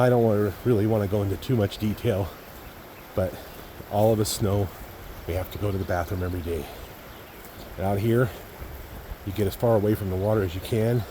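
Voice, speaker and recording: A middle-aged man with a somewhat low voice narrates his backpacking trip in a relaxed, folksy way, calling his viewers "folks." He's outdoors in the mountain woods, and a faint hiss of outdoor noise sits under his voice. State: a little out of breath. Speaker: backpacking vlogger. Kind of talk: casual outdoor vlog narration.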